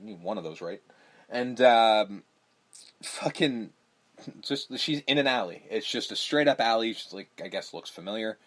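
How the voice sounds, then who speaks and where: A man's voice: on the low side, unhurried. A man hosting a podcast, casually recapping a horror movie with lots of swearing and acted-out lines. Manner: profane, animated, acts out movie lines. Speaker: podcast host.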